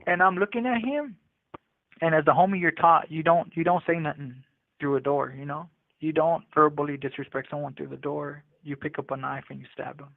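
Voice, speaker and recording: A man tells his story in loose street slang, stumbling over restarts and fillers as he goes. His voice sits a little high for a man and comes through a narrow, tinny phone line with no room sound at all. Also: steady tone, brisk, gravelly, dry recording. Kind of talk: casual storytelling. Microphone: prison phone.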